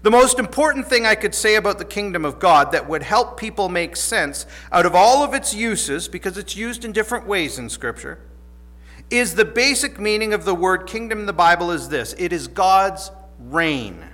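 A man's voice: high-pitched, lively intonation, normal speed, a bit bright. A man preaching a sermon, reading scripture aloud and then explaining it earnestly, repeating key phrases and sometimes restarting a sentence. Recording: long reverb of a large room.

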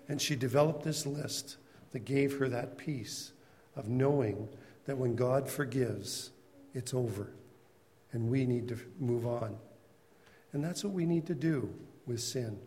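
A man's voice: medium pitch, unhurried, darkish tone, big-room sound. A man teaching a Bible class in a conversational storytelling way, calling on class members by name.

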